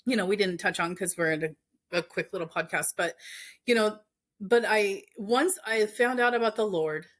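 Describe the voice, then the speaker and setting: A woman in her forties talks through a story in an easy interview chat. She is earnest and full of faith, with many fillers along the way. Her voice sits at a middle pitch for a woman. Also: moderate pace. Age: 40s. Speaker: entrepreneur guest.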